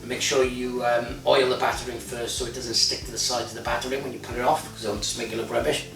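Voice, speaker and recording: A man's voice: mid-range voice, flat delivery, quick pace, gravelly, recorded from a distance. A man in his forties hosting a casual cooking vlog, chatty and jokey, swearing freely. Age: 40s. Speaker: cooking show host. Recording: echoey room, off-mic, music behind.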